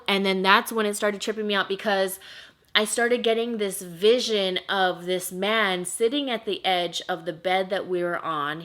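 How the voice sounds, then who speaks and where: A woman's voice: medium pitch, a bit bright. A young woman talks straight to her viewers in a casual storytime vlog, recounting a paranormal experience. She is chatty and emotional, with plenty of filler words. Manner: chatty, emotional, heavy use of "like". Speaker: vlogger.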